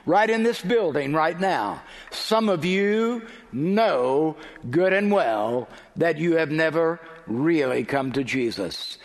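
A man's voice: a little high, expressive, takes it slowly, hardly any pauses. A man preaching a sermon, telling a story with dramatic turns and dropping to a near whisper at times, in a church. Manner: dramatic storytelling, drops to a hush. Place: church or chapel. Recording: long hall reverb.

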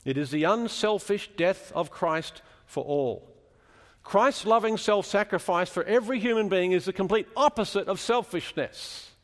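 A man's voice: high-pitched, moderate pace, in a large hall. A man preaching a sermon in a chapel, explaining scripture and asking the congregation questions as he teaches.

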